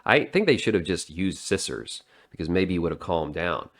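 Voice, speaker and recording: A man's voice: low voice, animated, normal speed, a bit bright. A man giving a sardonic, digressive casual monologue as a vlogger.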